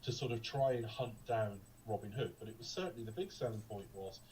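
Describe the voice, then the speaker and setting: A man's voice: lowish voice, brisk, a little mellow, distant mic, a little hiss or hum, rough recording. A man co-hosting a podcast, chatting casually about a film in a rambling, digressive way with lots of ums. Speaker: podcast co-host. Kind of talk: casual film review chat.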